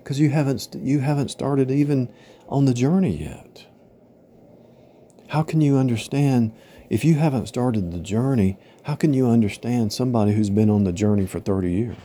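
A man's voice: mid-range voice, normal speed, warm tone, slight background noise. A man giving an informal spiritual talk, rambling and repetitive, telling parables and checking in with "right?" and "you know?". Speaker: religious teacher. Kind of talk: informal spiritual teaching monologue.

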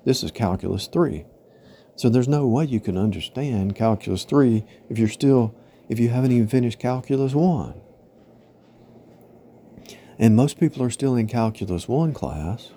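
A man's voice: mid-range voice, lively intonation, normal speed, pauses often, mellow, slight background noise. A man giving an informal spiritual talk, rambling and repetitive, telling parables and checking in with "right?" and "you know?". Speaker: religious teacher. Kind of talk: informal spiritual teaching monologue.

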